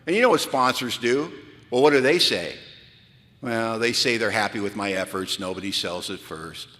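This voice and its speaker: A man speaking at a recovery retreat, telling animated, self-mocking stories to a crowd. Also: on the low side, moderate pace. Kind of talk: storytelling talk at a retreat. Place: large event hall. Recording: long hall reverb from a large venue.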